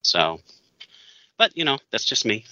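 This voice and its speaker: A man in a casual chat talks on at length, opinionated and quick to laugh. His voice is sharp and forceful, a touch low in pitch. The recording is dry and muffled, with a lo-fi dullness. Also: very animated, no echo. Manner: opinionated, rambling, laughs often. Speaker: podcast co-host. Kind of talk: casual chat reviewing a movie. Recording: dull dry lo-fi sound.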